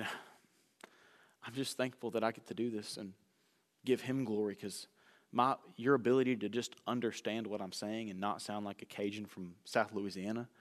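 A man preaching a sermon in a church sanctuary, a self-described fast talker who slows down for emphasis and swings from loud bursts to hushed asides. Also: on the low side. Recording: echoey church hall reverb.

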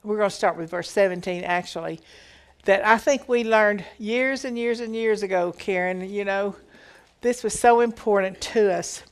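A woman's voice: mid-range voice, normal speed, clear, resonant tone. A woman giving a conversational Bible teaching, reading verses aloud and explaining them with emphatic repetition.

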